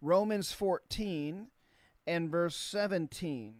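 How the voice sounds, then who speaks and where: A pastor delivering a sermon in a mid-pitched voice, dry and close with no room sound. The delivery is emphatic, with key phrases repeated and words spelled out letter by letter. Slow, stressed lines alternate with quick runs. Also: a little mellow, no room sound.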